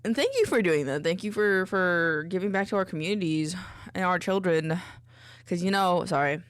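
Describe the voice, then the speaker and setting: Brief: woman VTuber, chatty and bubbly, voice bounces high and low, boom-arm desk mic at home. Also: lively intonation, moderate pace, clear, resonant tone, dry recording. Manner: bubbly, rambling, chatty with viewers. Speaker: VTuber streamer. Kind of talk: casual livestream chat.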